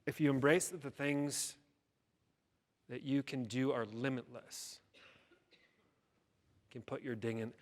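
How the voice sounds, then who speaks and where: Delivering a keynote a little slowly and pausing often, a man with a medium-pitched, steady voice tells a dramatic story and acts out the people in it. The hall adds a long reverb.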